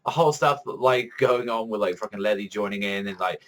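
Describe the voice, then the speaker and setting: A man giving a casual video review of a manga chapter, talking in a rambling, excitable way and swearing a lot. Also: on the low side, brisk, poor audio.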